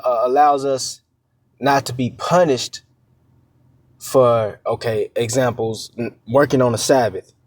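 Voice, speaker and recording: A man's voice: mid-range voice, a little mellow, no room sound. Man preaching in a dry, close voice. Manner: conversational, checks in with frequent "all right?" and "man"; halting, with many fillers and restarts. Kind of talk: informal scripture teaching.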